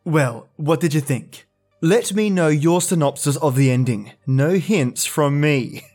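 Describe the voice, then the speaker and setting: A man's voice: fairly high pitch, a little slow, a little mellow, soft background music. Man reading a story aloud. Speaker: podcast storyteller. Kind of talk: storytelling narration.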